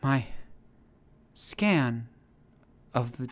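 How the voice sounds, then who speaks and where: A man voicing a damaged female ship AI in a storybook reading, with a scratchy, trembling, halting voice. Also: mid-range voice, expressive. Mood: strained. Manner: halting, broken-up phrases.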